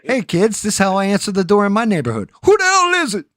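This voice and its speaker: A man doing a brash, loud impression of a neighborhood man hosting a mock children's show. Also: high voice, very animated, fast, dry recording, clean studio sound, pitched above the performer's own voice. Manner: loud, shouted, comically brash.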